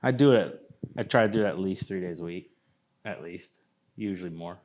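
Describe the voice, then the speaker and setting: A man co-hosting a podcast in casual chat, relaxed and profane, laughing easily. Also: sits low, lo-fi sound. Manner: laid-back, profane, quick to laugh. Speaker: podcast co-host.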